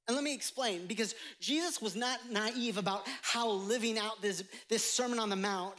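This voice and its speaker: Joking with the room as he goes, a male pastor gives a conversational, emphatic sermon to a live congregation in a church sanctuary. His voice sits high and sounds a bit bright.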